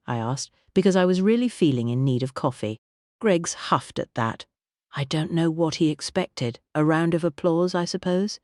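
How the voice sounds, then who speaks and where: Woman narrating an audiobook, low voice, measured and a bit wry. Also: a little mellow, dry recording, studio quality. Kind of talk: audiobook narration of a mystery novel.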